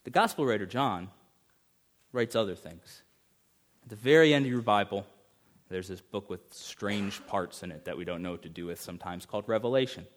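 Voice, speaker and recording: A man preaching a sermon as pastor, emphatic, swinging between urgent rises and hushed passages. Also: fairly low pitch, normal speed.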